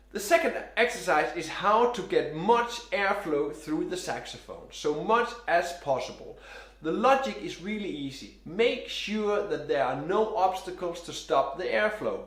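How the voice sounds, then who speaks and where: Male sax teacher, fairly high voice with a lot of lift and fall, calm step-by-step coaching in a roomy space. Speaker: saxophone teacher. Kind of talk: instructional demonstration. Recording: roomy echo.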